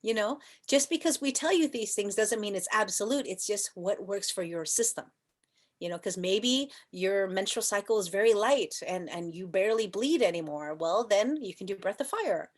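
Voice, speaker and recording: Yoga teacher, woman, chatty and playful, lots of rhetorical questions, leads soft chants. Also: medium pitch, animated, normal speed. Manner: soft chanting and whispering at times. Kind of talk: teaching an online class.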